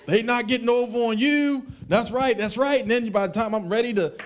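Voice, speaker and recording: Man, pastor, high voice, lively conversational sermon, acted asides. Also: brisk. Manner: animated, conversational preaching with acted asides and laughs.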